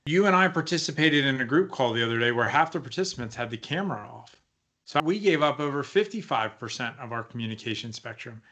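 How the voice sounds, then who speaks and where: A man's voice: mid-range voice, lively intonation, quick pace, a bit bright. A man co-hosting a leadership podcast as a coach, talking casually and emphatically, often asking rhetorical questions.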